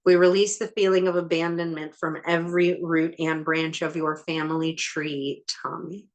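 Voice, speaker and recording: A woman leading an ancestral healing session, calmly and methodically counting back through generations in a matter-of-fact way. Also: deep voice, normal speed.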